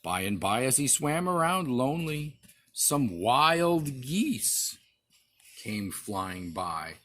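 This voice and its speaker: Husky-voiced dad reading a storybook aloud. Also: male voice, mid-range voice, slow pace. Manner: expressive, with small slips and restarts. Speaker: father reading to his child.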